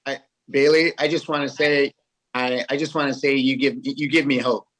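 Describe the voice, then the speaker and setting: A man's voice: mid-range voice, steady tone, normal speed, a bit bright, rough recording. A man in a coaching session speaking earnestly over a video call, stumbling and repeating words as he starts. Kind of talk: grateful group share.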